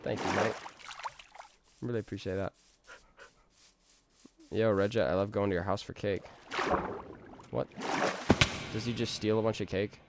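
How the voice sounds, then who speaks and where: A man's voice: fairly low pitch, fairly even intonation, measured pace, long pauses, very noisy. A man giving casual, rambling gameplay commentary, talking to himself with jokey outbursts. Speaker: gaming streamer.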